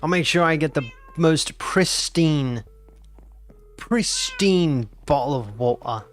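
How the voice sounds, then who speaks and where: A man's voice: a little high, expressive, takes it slowly, faint music behind. A nineteen-year-old man, chatting casually and playfully on a live gaming stream, teasing his chat and repeating phrases in mock outrage. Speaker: VTuber streamer.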